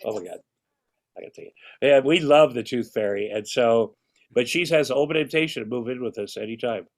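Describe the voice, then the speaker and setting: A man's voice: medium pitch, a little fast. Older male guest in his sixties, loose and rambling, casual talker. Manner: rambling, restarts, swears casually. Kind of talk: casual chat.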